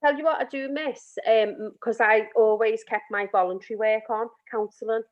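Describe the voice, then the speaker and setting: A middle-aged woman counsellor with a slightly high voice speaks at a moderate pace with fairly even intonation. On a casual group video call with her camera off, she talks candidly, emotionally and ramblingly, restarting often. The audio is muffled.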